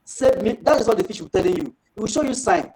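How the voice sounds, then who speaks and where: A man giving a fish farming training talk, lively and rhetorical, acting out little dialogues. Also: sits high, very fast, rough recording.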